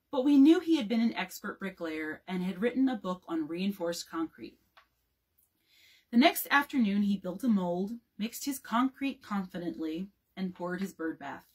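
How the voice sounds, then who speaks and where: A woman librarian reading a chapter book aloud as a bedtime story, with calm, expressive narration. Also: medium pitch, slightly rough.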